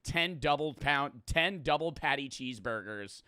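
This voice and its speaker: A man talks over a video in a loose, profane ramble that wanders from one thought to the next. His voice is bright, clear and smooth. The sound is dry and close, with no room echo. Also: medium pitch, expressive, a little slow. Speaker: streamer reacting to a video. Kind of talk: casual reaction commentary.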